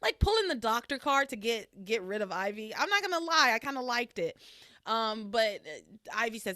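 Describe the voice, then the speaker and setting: A woman hosting a podcast alone, casually recapping soap opera episodes in a chatty, animated way. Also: a little high, moderate pace, no room sound, clean studio sound. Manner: chatty, animated retelling with quoted lines.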